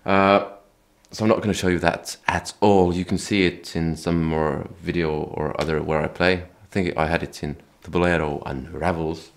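A man who hosts his own channel, talking casually about his guitar in a relaxed, chatty way, often correcting himself. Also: low voice. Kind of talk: casual gear talk to camera.

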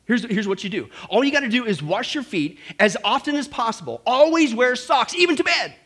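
A man's voice: very high voice, very animated, fairly quick, fairly bright tone, husky, full character voice. Reassuring fatherly type, as a preacher puts him on. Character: calm fatherly older man giving advice.

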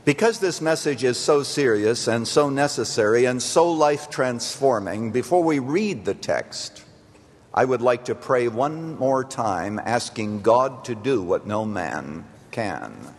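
A pastor, a man, preaching a sermon slowly and earnestly, with solemn pauses. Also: mid-range voice, animated, in a large hall.

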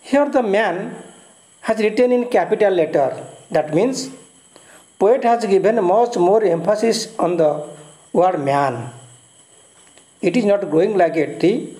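Indian English male teacher, higher-pitched, unhurried delivery, repeats and glosses words, echoey room. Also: warm tone. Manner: repeats key words and glosses meanings step by step. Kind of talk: explaining a poem in a recorded lesson.

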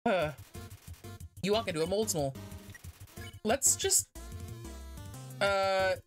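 A woman's voice: medium pitch, slow pace. A woman streamer playing a video game, chatting casually and reading game text aloud. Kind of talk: let's play commentary. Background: game music.

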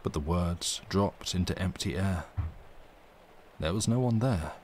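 A man reading a ghost story aloud on a live stream, with expressive, dramatic emphasis. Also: sits low, a little slow, a little hiss or hum.

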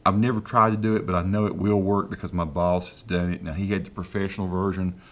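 A low-sitting voice with little pitch movement belongs to a Southern-accented tech video host at his home desk. Holding a handheld mic close, he gives a casual screen-recorded tutorial, folksy and rambling, dictating slowly and deliberately.

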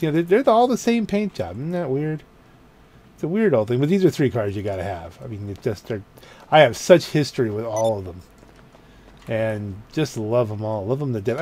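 Guy doing casual let's-play commentary, rambly, keeps correcting himself, really animated up and down voice. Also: medium pitch. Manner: rambling, self-correcting, chatty. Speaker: gaming channel host.

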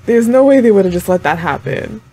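A woman's voice: mid-range voice, expressive, brisk, warm tone. A young woman hosting a reaction video, chatting casually to the screen with frequent exclamations and laughs. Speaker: anime reaction channel host.

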